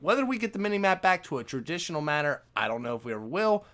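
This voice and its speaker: A man hosting his own gaming channel, talking through a casual rant with loose filler like "man" and "you know." His voice sits a little high and swings widely in pitch as he gets worked up. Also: rapid-fire. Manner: animated, conversational, lots of "man" and "you know". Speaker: gaming YouTuber.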